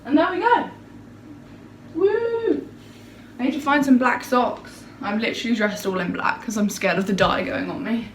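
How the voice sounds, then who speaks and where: A young woman with a mid-range voice talks a little fast with few pauses, vlogging casually to a shaky handheld camera at home and in the garden. She's exclamatory and self-mocking, and there's slight background noise.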